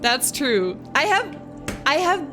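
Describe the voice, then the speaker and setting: Giggly high-voiced woman streamer. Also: sing-song, slow pace. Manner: giggly, laughs often between lines; gushing thanks to viewers. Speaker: streamer reading chat. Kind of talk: casual live-stream chat. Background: music playing.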